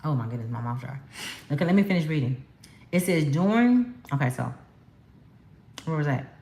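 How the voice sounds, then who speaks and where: A tarot reader from California gives a casual spiritual card reading, speaking emphatically to her viewers in a chatty, slangy manner. Her deep voice is expressive and dark-toned at a normal speed, recorded in an echoey room.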